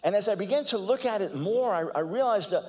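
An older man giving a lecture as a guest speaker, telling stories in an animated way, often repeating words as he goes and acting out quotes. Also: high voice, quick pace. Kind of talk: storytelling lecture. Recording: long hall reverb.

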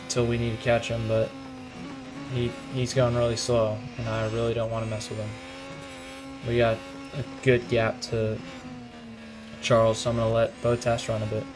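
A man's voice: medium pitch, completely flat delivery, music in the background. Young man ranting over racing game. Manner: frustrated, ranting, quick outbursts. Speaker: gaming commentator. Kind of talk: live gameplay commentary.

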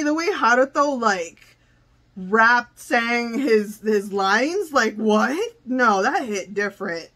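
A woman's voice: fairly high pitch, expressive, takes it slowly, fairly bright tone. A young woman hosting a music reaction, gushing and exclaiming, often repeating herself as she reacts. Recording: song playing in the background.

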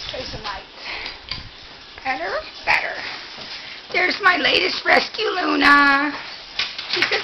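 A woman's voice: sits high, a little slow, creaky, pauses often, noisy background. A woman filming at home and cooing baby talk to her pet dogs. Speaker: pet owner. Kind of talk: home video talking to her pets.

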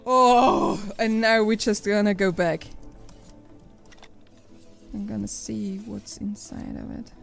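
A young woman hosting a let's play, reacting excitably, exclaiming and talking back to the game as she plays. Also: mid-range voice, takes it slowly, vocal fry, pauses often, faint music behind, rough recording. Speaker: gaming channel host.

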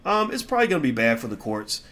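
A middle-aged man holds forth in casual commentary at an ordinary pitch, with a blunt, heated delivery. He swings between loud bursts and low mutters as he answers viewer questions. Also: big pitch swings, quick pace.

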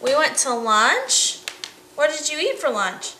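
Young mother, high voice, tired and chatty, sing-song with the kids, home vlog. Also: sing-song, unhurried, bright, forceful tone, slight background noise. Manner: chatty, sing-song talk to her toddler. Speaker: mother vlogging family life. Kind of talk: casual home vlog chat. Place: family home.

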